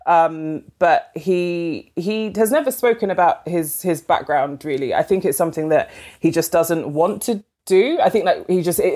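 A woman novelist from London, chatting as an interview guest, filling with "like" and acting out quoted dialogue. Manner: chatty, fills with "like", acts out quoted dialogue with lively pitch jumps. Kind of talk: casual storytelling interview.

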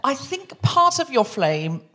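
A woman with a high, bouncy voice hosts a comedy podcast in front of a live audience. Her pitch leaps about as she rambles, giggling and poking fun at herself. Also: very animated, takes it slowly, pushed and bright. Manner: self-mocking, giggly, rambling. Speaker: host. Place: live theatre stage before an audience.

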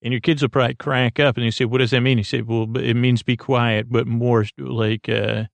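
A man hosting a podcast, recapping an episode in a halting, rambling way with many fillers and restarts. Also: medium pitch, little pitch movement, creaky, no room sound. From United States. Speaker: podcast host.

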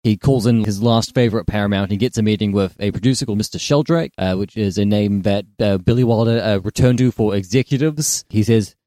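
A man co-hosting a casual film podcast, retelling the plot in a rambling way with deadpan jokes. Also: fairly low pitch, a little fast, few pauses, no room sound, clean studio sound. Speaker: podcast co-host.

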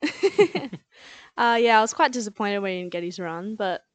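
A relaxed woman chats through her racing picks and laughs easily. Her voice sits in a middle range for a woman. The recording is close and dry, with no room sound. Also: medium pitch, moderate pace, no room sound. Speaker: podcast guest tipster. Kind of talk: casual racing tips chat.

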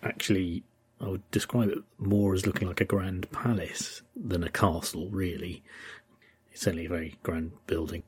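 Podcast host, English man; very deep and raspy, thoughtful and digressive. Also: fairly even intonation, normal speed. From England. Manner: thoughtful and digressive, with frequent ums and uhs. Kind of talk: informal history commentary.

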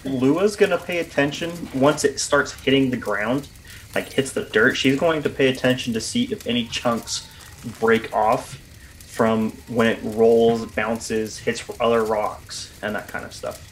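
A man's voice: medium pitch, fairly even intonation, a little slow, slight background noise. A man playing a tabletop game, describing his moves hesitantly and searching for words. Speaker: player.

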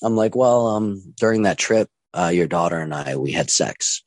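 A young man telling his own story casually, halting with many ums and restarts and acting out what others said. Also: sits low, animated, dry recording. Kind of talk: casual first-person storytelling.

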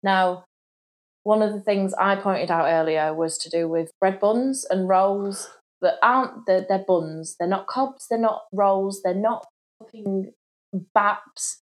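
Woman podcast host from lincolnshire, chatty, laughs a lot, mid pitch. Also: takes it slowly, low-quality recording. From Northeast Lincolnshire, England. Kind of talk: casual chat.

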